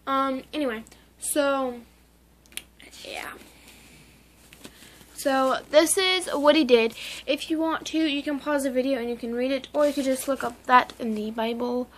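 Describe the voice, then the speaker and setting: A woman's voice: high voice, fairly even intonation, a little slow, long pauses, fairly bright tone, a little hiss or hum. A woman talking casually in a memorial vlog, rambling with lots of "like" and restarts. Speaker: vlogger.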